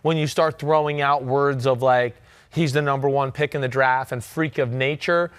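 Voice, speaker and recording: A man in his thirties with a New Jersey accent, hosting a sports podcast in loud, animated casual chat. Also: mid-range voice, normal speed, smooth, dry recording. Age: 30s. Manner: loud, animated, talks with filler and restarts. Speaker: podcast host.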